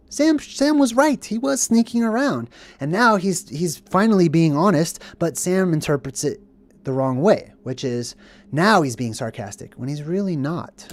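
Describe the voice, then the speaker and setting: A man's voice: fairly high pitch, a little mellow. A man hosting film commentary in an earnest, preachy way, often checking in with "right?" and "okay?". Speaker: host.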